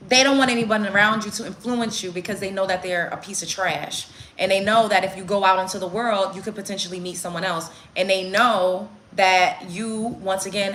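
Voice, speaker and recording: A woman's voice: medium pitch, bright, forceful tone. A woman in her twenties giving relationship advice in a casual get-ready-with-me stream, stressing points by repeating them. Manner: emphatic, repeats phrases for stress. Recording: echoey room with faint hiss.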